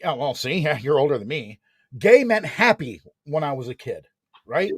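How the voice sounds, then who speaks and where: Man, 40s, casual storyteller, slangy and lively, a bit high, dry sound. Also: moderate pace, breathy edge, no echo. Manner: animated, slangy, lots of "man" and "right?".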